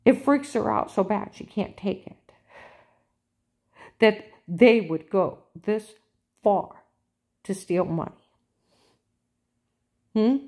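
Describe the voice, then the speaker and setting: A woman in a casual monologue, insistent and repetitive, turning loud and emphatic. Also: mid-range voice, takes it slowly, pauses often. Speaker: vlogger.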